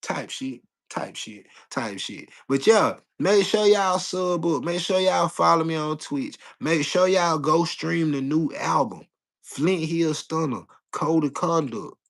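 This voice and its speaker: A man's voice: fairly high pitch, unhurried, a bit bright. A man hosting a casual live stream, chatting loosely with viewers in slang and repeating his phrases over and over. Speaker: livestream host.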